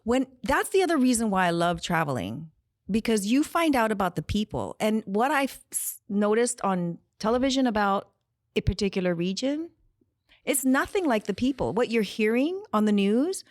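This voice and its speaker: A woman's voice: medium pitch, big pitch swings, normal speed, no echo. A chatty middle-aged woman talks as an interview guest in a podcast studio. She laughs easily and drifts into side stories. Her voice sits mid-range and is recorded close and dry. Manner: chatty, laughs often, goes off on tangents. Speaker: interview guest, nonprofit director. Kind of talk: casual podcast conversation.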